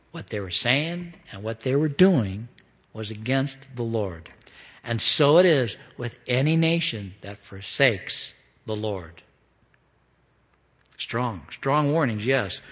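A man preaching an expository sermon as pastor, pleading and emphatic, rising to loud questions and dropping to hushed asides. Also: medium pitch, long reverb tail.

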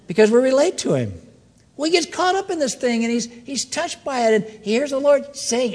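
A man preaching a sermon, swinging between loud, excited questions and hushed, slow lines. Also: very high-pitched, big-room sound. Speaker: pastor.

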